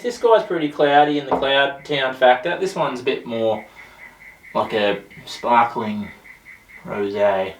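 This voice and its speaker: A man's voice: medium pitch, slow, far from the mic, slight background noise. Chatty man in an echoey room. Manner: chatty, rambling, jokey. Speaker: host of a beer review show. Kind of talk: casual beer tasting review. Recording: roomy echo, voice off-mic.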